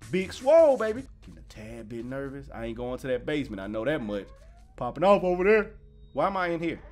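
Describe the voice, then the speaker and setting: A young man casually commenting on a horror game, slangy and jokey, yelping when startled and mumbling low when nervous. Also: animated, fast. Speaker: gaming YouTuber. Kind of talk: casual let's-play commentary.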